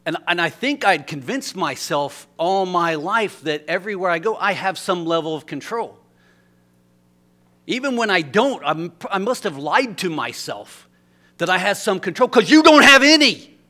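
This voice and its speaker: A male pastor preaching a sermon in a church, telling a story animatedly, swinging from loud to hushed. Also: high-pitched, animated, moderate pace. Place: church sanctuary.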